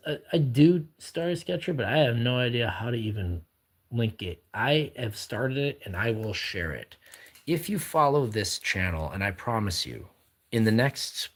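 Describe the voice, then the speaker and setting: A man's voice: mid-range voice, husky. A man hosting a casual live drawing stream, reading viewer comments aloud and chatting back in a rambling, upbeat way.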